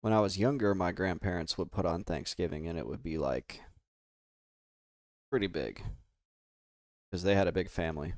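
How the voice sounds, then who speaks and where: This American man, gaming live for his viewers, chats casually, rambles, and laughs often. His low, darkish voice moves at normal speed with frequent pauses, recorded cleanly in the studio with no echo.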